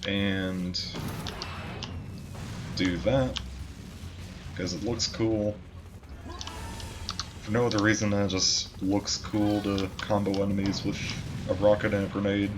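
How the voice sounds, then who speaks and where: A man's voice: lowish voice, flat delivery, takes it slowly, long pauses, noisy background. A man giving casual, chatty commentary over his own gameplay, swearing now and then and joking at himself. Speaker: gamer. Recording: game music behind. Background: game music and keyboard typing.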